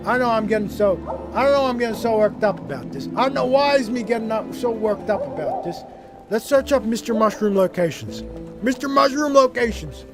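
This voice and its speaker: A young man streaming a game, chatting casually and rambling, often getting worked up and loud. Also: extremely high pitch, lively intonation, moderate pace. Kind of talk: casual livestream gaming chat. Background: game music.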